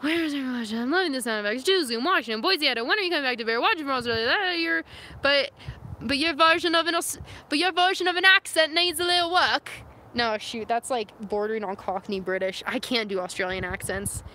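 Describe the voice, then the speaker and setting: Bright-voiced chatty young woman outdoors. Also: high voice, fast talker. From San Francisco. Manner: chatty, laughs often, reads viewer comments aloud. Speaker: vlogger reading live chat. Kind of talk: casual live-stream chat. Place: outdoors in the wilderness. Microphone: phone camera. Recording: faint outdoor noise.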